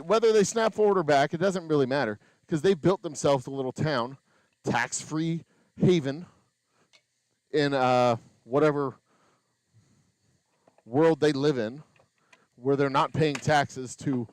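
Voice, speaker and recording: A man's voice: on the high side, unhurried, pauses often, a little mellow, no echo. A man hosting a live stream from his distillery, rambling through sarcastic musings and counting bottles under his breath as he works. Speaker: distiller and channel host. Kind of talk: rambling live-stream chat while working. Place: small distillery bottling room, indoors.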